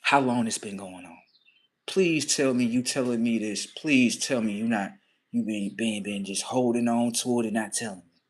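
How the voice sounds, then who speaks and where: A man hosting a livestream, telling a comic story in a profane, animated way and acting out the scenes. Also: mid-range voice, moderate pace, breathy edge. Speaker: livestream host. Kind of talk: comedic storytelling monologue.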